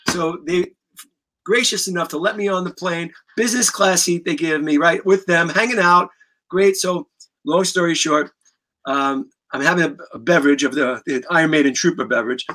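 Bright-voiced New man telling stories. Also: a little high, normal speed. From New York. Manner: animated, profane, rambling with restarts. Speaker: guest musician. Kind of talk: casual storytelling.

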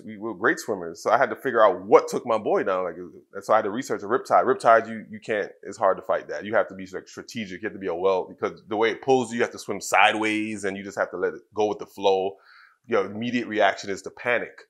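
A middle-aged man from Trinidad speaks as an interview guest with a fairly low voice. He tells personal stories candidly, stumbling over restarts and filling pauses as he goes. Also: fairly bright tone. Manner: candid, halting, many fillers and restarts. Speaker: guest, former wrestler. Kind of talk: casual interview storytelling.

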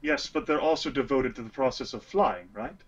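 A man with a medium-pitched voice talks briskly on a muffled recording. He's a player in a casual tabletop game, describing what his character does, hesitant and full of fillers.

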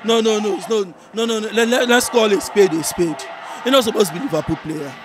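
High-voiced Nigerian man arguing football. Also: fast. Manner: animated and argumentative, keeps asking "you understand me?". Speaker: football fan giving a match reaction. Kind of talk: heated casual football debate. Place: viewing center.

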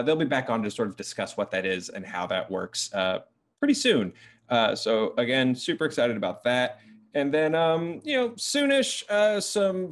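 A man co-hosting a developer update stream, joking and rambling with lots of fillers. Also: medium pitch. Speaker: co-host of a dev update stream. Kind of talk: casual stream chat.

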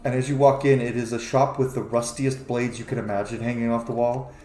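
A man from the American South narrating a tabletop game as game master in a lively storytelling way. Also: medium pitch, a little fast. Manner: lively storytelling, laughs easily. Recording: echoey room with faint music.

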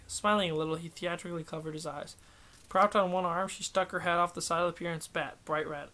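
A man reads a novel aloud in a steady, unhurried way, correcting himself now and then. His voice is a little higher than most men's. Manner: steady, self-correcting reading. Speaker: audiobook reader. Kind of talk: novel reading.

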